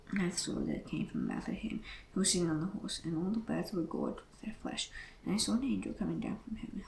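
A regular reader reading scripture aloud, steady and measured, with occasional restarts. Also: medium pitch, vocal fry. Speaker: Bible reader. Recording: echoey room with faint noise.

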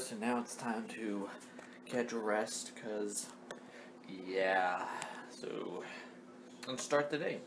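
A man's voice: slow pace, pauses often, background noise. A young man talking casually to the camera in a vlog, with playful joking asides. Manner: playful, yells silly catchphrases in a high voice. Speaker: vlogger.

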